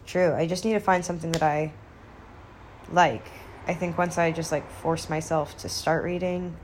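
A young woman in her twenties rambles through a casual vlog chat, her low voice settling into vocal fry. She sounds stoned and laid-back, barely raising her voice. A faint hiss sits under the recording. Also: darkish tone. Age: 20s. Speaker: vlogger.

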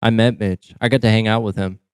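Man, podcast co-host, smooth low voice, relaxed and profane, dry close mic. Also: dry recording. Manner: laid-back, swearing, quick to laugh. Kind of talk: casual podcast chat.

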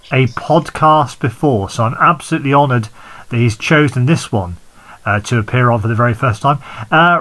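A man's voice: on the high side, a bit bright. Friendly, hesitant male podcast host. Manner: friendly, hesitant, many restarts. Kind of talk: casual interview chat.

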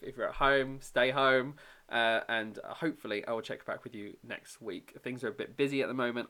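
A man's voice: medium pitch, a bit bright. A young man hosting a solo podcast, telling a story in a rambling, emotional way with many fillers and restarts. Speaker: podcast host.

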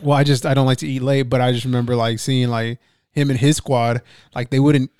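A young man hosts a relaxed podcast, trading stories with his brother. His voice is smooth and clear. The recording is dry and close, with no room sound. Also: mid-range voice, a little fast, no echo. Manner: laid-back, laughs often, swears casually. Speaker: podcast host. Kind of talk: casual podcast chat. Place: studio.

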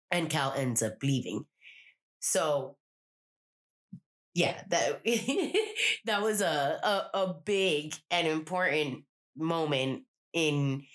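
A woman's voice: low voice, slow pace. A woman co-hosting a casual podcast, retelling a scene with lots of swearing and acted-out lines. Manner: profane, animated retelling, acts out quotes. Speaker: podcast co-host.

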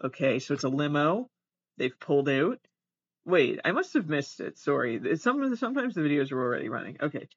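A fairly high-voiced man reacts to videos in casual commentary, worked up and swearing freely. The sound is dry and a little dull, like a lo-fi home setup. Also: very animated, brisk, husky, no room sound. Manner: agitated, swearing, exclaiming in alarm. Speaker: podcast host.

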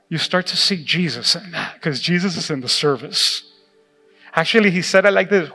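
Male pastor, middle-aged, animated sermon, high voice, reverberant church hall, soft music behind. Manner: animated, laughing, acts out quoted voices. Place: church sanctuary.

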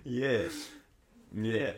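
Young man, halting chat. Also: fairly low pitch, a crowd in the background. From Switzerland. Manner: halting, laughing, non-native phrasing. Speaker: podcast guest, triathlete. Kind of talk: casual chat.

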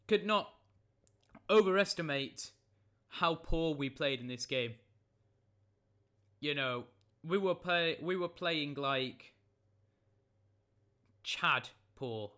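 Young guy, loose football recap, bright tone and slightly high. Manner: jokey, rambling, self-correcting. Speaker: football vlogger. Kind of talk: casual match recap.

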